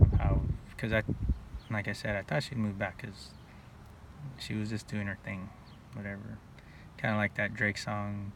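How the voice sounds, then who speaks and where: Casual male vlogger, profane and rambling, gravelly low voice, recorded from a distance. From Northern California. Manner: rambling, profane, full of "like" and restarts. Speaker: vlogger telling personal stories. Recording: distant mic with faint background noise.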